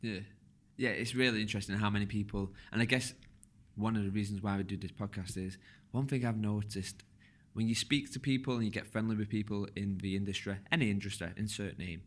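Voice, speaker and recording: A man hosting a podcast interview, talking in a relaxed, rambling way and restarting his questions as he goes. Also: fairly low pitch, brisk. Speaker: podcast host. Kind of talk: casual conversational interview.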